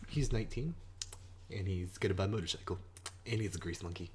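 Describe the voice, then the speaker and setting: A man's voice: deep voice, expressive, fast talker, a little hiss or hum. A man co-hosting a casual podcast, teasing his friend with crude, sarcastic jokes. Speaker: podcast co-host. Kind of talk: casual joking chat.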